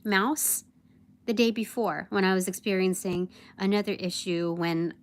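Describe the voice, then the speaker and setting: A woman's voice: mid-range voice, a little slow. A young woman telling a work story on a casual livestream, rambling with many fillers and acting out her boss's lines. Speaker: vlogger.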